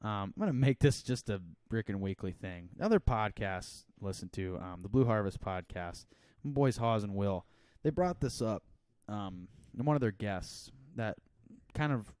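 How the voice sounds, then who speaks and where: A young man with a lowish voice chats casually as a podcast co-host, rambling and laughing between thoughts. The sound is close and dry. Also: expressive, normal speed, a little mellow, clean tone, no echo. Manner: rambling, laughs often, slips into mock accents.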